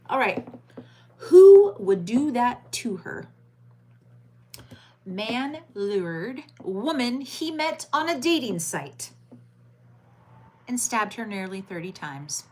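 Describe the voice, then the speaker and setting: A woman's voice: on the high side, a little hiss or hum. A woman hosting a late-night livestream, chatting with viewers by name and reading crime headlines aloud. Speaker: livestream host.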